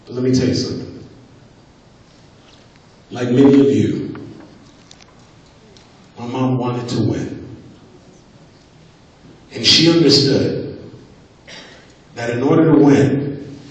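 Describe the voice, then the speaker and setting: A man's voice: medium pitch, slow pace, long pauses. A man giving a live motivational speech on stage, telling a story emphatically and repeating phrases for effect. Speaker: motivational speaker. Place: stage in a large event hall. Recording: echoey hall from far off.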